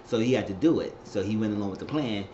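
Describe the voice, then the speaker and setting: In a warm, lowish voice, a man races through a slangy, casual recap of a TV episode, reliving scenes with frequent exclamations. The audio has a roomy, dull quality and a faint hiss.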